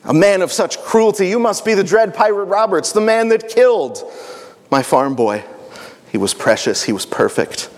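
A grieving young woman played by a man speaks with cold bitterness. The voice sits fairly high for a man and rings with a long hall reverb. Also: lively intonation, moderate pace. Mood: bitter.

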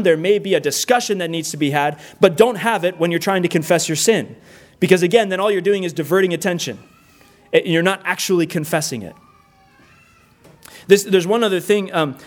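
A middle-aged man preaching a sermon in a church, earnest and emphatic, repeating key phrases and building lists. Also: high-pitched. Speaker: pastor. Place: church room with a congregation.

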